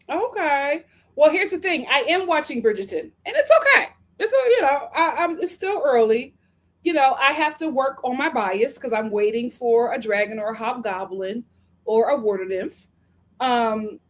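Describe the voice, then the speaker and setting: A woman hosting a casual live stream, chatting animatedly and reading viewer comments aloud with playful exaggeration. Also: on the high side.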